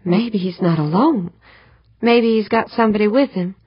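A woman's voice: mid-range voice, moderate pace, husky, no echo, voice pushed up, lightly acted. A woman voicing an anxious, determined young woman who speaks urgently and pleads for help. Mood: worried. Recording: dull muffled audiobook recording.

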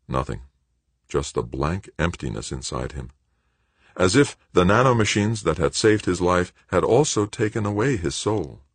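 A man reads a novel aloud in a low, husky voice whose pitch moves expressively. He keeps a measured storytelling pace. The recording is close and dry. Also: no room sound. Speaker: audiobook narrator. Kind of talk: scripted narration.

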